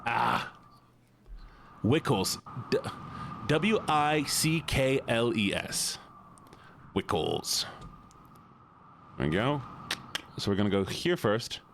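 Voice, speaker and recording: A man's voice: medium pitch, lively intonation, unhurried, fairly bright tone, slight background noise. A man streaming a game live, who is playful as he reads viewer messages aloud and answers them in casual chat.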